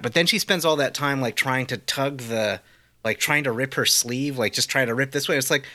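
A man's voice: medium pitch, brisk, sharp tone, no room sound. A man chatting on a podcast, hesitant and repeating his words as he goes. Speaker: podcast co-host. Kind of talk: casual chat.

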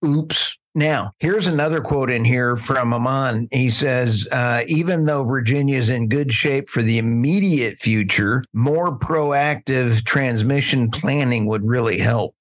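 A man's voice: mid-range voice, measured pace, hardly any pauses. A man co-hosting an energy news podcast, reading out headlines and quotes and adding amused, folksy comments. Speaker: podcast co-host. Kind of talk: casual podcast news discussion.

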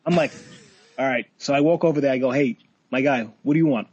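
A man, a bartender, casually telling a work story, animated, swearing and acting out what people said, with laughs. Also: mid-range voice, fast talker, husky, no room sound, dull audio. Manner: animated, swearing, laughs often, acts out quotes.

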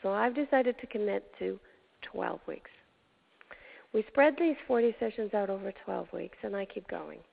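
An older woman hosting a show, telling a personal story with emotion, dramatic pauses and hushed moments. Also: mid-range voice, vocal fry. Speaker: show host. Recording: tinny phone-like sound.

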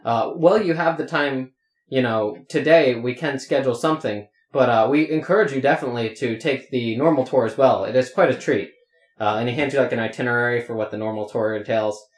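A man's voice: medium pitch, fairly quick. A man running a tabletop game as game master, rambling with many fillers. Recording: roomy echo.

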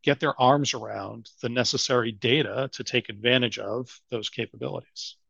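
Podcast guest with a Boston accent, gravelly voice, thoughtful and chatty, dull dry sound. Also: male voice, medium pitch, steady tone, moderate pace, a bit bright, no room sound. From Boston area. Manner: thoughtful, filler-heavy, uses "you know" often. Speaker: guest, asset management strategist. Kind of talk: conversational podcast interview.

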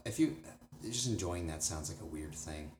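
A man co-hosting a podcast in casual chat, with dry jokes and quick asides. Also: sits low, animated, darkish tone, roomy sound, slight background noise. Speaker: podcast co-host.

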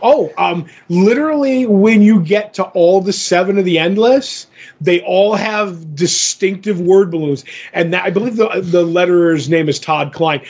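A man co-hosts a casual comic book podcast, wandering through his thoughts as he retells scenes and slips into quoted voices. His voice sits a little high. The audio is muffled and lo-fi. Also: moderate pace, a little mellow, husky. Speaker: podcast co-host.

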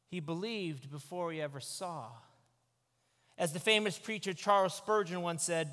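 A man, a pastor, giving an animated, conversational sermon into a microphone. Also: high voice, moderate pace. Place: church sanctuary. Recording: echoey church hall.

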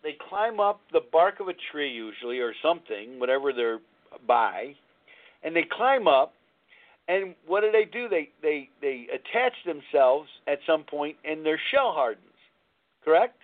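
Man, talk radio host, rambling storyteller, searches for words, high voice, thin phone-line sound. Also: very animated, a little slow. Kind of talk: casual radio talk about recovery.

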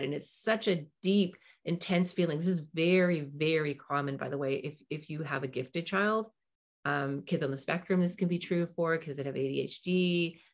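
A middle-aged woman with a fairly low voice hosts a parenting show. She talks casually and warmly explains her points, breaking off for asides and acting out quick snatches of dialogue. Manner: chatty, full of asides and acted-out quotes. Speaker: parenting podcast host. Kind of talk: casual advice talk.

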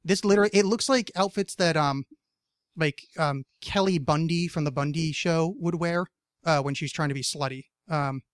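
A man's voice: on the high side, normal speed, no echo, studio quality. A man hosting a casual podcast chat, rambling with many fillers, jokes and swearing. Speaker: podcast host.

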